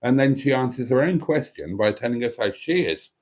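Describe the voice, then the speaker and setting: A man's voice: mid-range voice, animated, brisk, a little mellow. A man hosting a casual live stream, reading chat messages aloud and chatting in a self-deprecating way. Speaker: livestream host reading chat.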